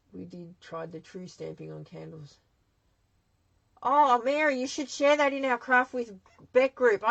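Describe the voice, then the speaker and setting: Australian woman, craft live-stream host, chatty, rambling, bright tone, dry close sound. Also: medium pitch, no echo, poor audio. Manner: chatty and rambling, reads out and answers viewer comments. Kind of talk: casual live craft demo, chatting with viewers. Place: home craft shed.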